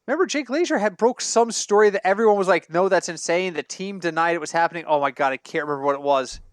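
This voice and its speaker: A man's voice: high-pitched, fast talker, no echo, clean studio sound. A man co-hosting a sports podcast in casual banter, telling long rambling stories and correcting himself as he goes. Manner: rambling, animated storytelling with self-corrections. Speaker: podcast co-host. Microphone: home computer mic over online call.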